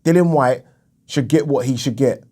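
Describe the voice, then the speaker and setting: A man's voice: medium pitch, normal speed, dark tone. Indignant man ranting about boxing. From England. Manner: indignant, repetitive, emphatic, swears. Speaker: boxing commentator. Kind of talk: opinion vlog rant.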